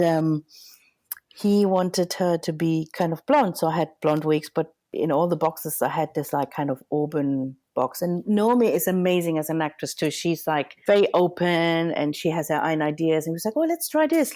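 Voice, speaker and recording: A woman working as a hair and makeup designer, chatting as a podcast guest and telling animated stories full of fillers. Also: low-pitched, dry recording, clean studio sound. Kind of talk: casual interview storytelling.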